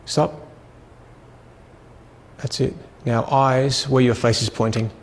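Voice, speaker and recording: A man, a portrait photographer, calmly giving step-by-step posing directions during a photo shoot. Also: medium pitch, takes it slowly, long reverb tail.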